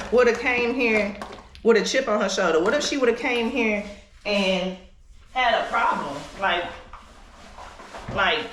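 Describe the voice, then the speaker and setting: A woman's voice: a little high, fairly bright tone, slight background noise. A woman, telling a candid, profane story to her camera while she does her makeup. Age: late 20s. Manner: candid, profane, heated venting. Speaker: vlogger. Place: indoors at home. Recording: echoey room.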